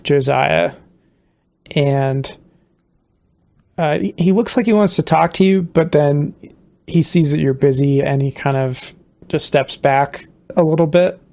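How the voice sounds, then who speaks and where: A game master narrating a tabletop western game slowly, with halting phrases and many fillers. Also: medium pitch, gravelly, darkish tone.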